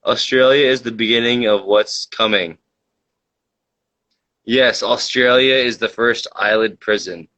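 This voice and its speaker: A man's voice: mid-range voice, measured pace, pushed and bright. A man hosting a comedy livestream talk show in casual chat, reading out viewer comments and joking in a rambling, mock-conspiratorial way. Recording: dull lo-fi mic.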